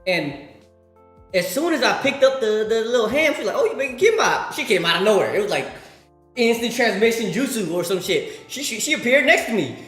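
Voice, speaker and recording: A man's voice: high-pitched, very animated, normal speed, fairly bright tone. A man streaming and chatting casually, rambling, swearing and laughing as he tells stories. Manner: rambling, profane, laughing storyteller. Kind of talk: casual livestream chat. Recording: roomy room with faint music.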